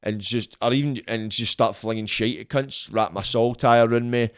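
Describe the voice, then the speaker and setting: A man's voice: medium pitch, fairly even intonation, moderate pace, smooth, dry recording. Scottish man, young adult, blunt and sweary, storytelling, very dry close sound. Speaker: podcast guest. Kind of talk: casual storytelling.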